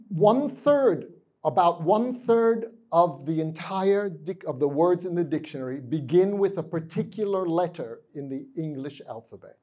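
Husky-voiced man lecturing a live audience. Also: on the high side, warm tone. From United States. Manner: questions the audience and mixes Japanese phrases into English. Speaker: guest lecturer. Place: large university conference room.

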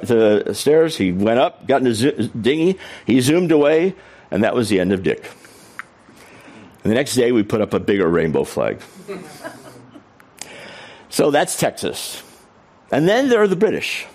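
A man's voice: mid-range voice, a little mellow. A middle-aged man giving a humorous storytelling keynote talk on stage. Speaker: keynote speaker.

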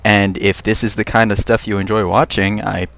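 A young man giving live commentary on a horror game, muttering to himself and breaking into high, panicked shrieks. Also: little pitch movement, normal speed, gravelly, fairly bright tone. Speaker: gaming video host.

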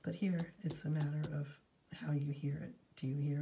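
A middle-aged woman teaching poetic meter in a relaxed, casual lesson, talking through her markings and now and then dropping to a whisper. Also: low voice, moderate pace, gravelly, poor audio. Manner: relaxed, talks aloud while marking a poem, sometimes drops to a whisper. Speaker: poetry teacher.

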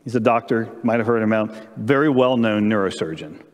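A man preaching during a church service, telling a story in an animated way and asking the congregation questions. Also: fairly low pitch, a little fast, in a large hall. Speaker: pastor. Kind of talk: sermon with storytelling. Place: church sanctuary during live-streamed service.

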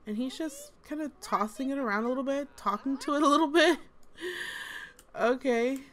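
A woman's voice: high-pitched, moderate pace. A woman host giving casual, amused gameplay commentary, chatty with lots of fillers. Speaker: gaming channel host.

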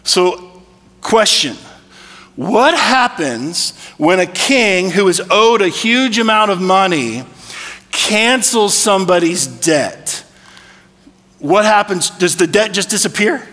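Male pastor, high and bright, conversational preaching with rhetorical asides, long church reverb. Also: lively intonation, slow. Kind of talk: sermon. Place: church sanctuary.

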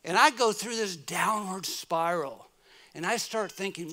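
A middle-aged American man giving a sermon as guest preacher, telling a story and swinging from soft murmurs to loud exclamations. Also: high-pitched, unhurried. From United States. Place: church.

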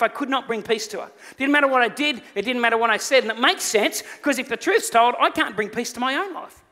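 A middle-aged man, preaching a sermon and telling a funny personal story, animated and often laughing. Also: very high-pitched. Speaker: pastor. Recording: long hall reverb from auditorium.

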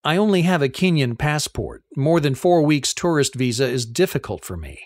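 A man voicing a sharp-tongued young Kenyan woman in an audiobook, speaking slowly with his pitch lifted a little. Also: lively intonation, no room sound, studio quality, close to an everyday voice. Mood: measured.

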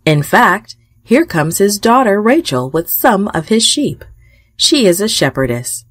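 A woman's voice: medium pitch, big pitch swings, a little slow, no echo, clean studio sound. A woman voicing a friendly group of shepherds who answer plainly and helpfully in a children's storybook.

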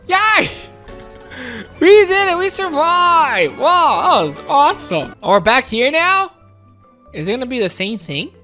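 A woman giving excitable, childlike gameplay commentary while speaking as her game character. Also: sits high, measured pace, faint music behind. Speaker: game streamer.

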